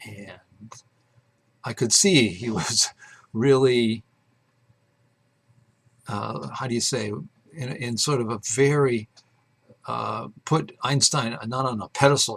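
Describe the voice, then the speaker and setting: A man's voice: medium pitch, creaky, fairly bright tone, breathy edge. A man hosting his own show, telling a personal story in a rambling, casual way with many fillers and restarts. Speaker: host.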